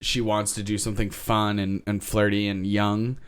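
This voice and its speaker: A man co-hosts a casual podcast, retelling an episode with lots of energy. His voice sits low and comes across smooth and clear. He acts out the characters' lines, laughs often and drops the odd swear. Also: flat delivery, moderate pace. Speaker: podcast co-host.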